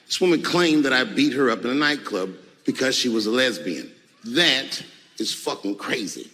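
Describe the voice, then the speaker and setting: A male stand-up comedian telling stories on stage in a lively, animated way, jumping into loud high voices for characters. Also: moderate pace. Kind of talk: stand-up storytelling. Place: large theater stage. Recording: echoey theater with audience noise.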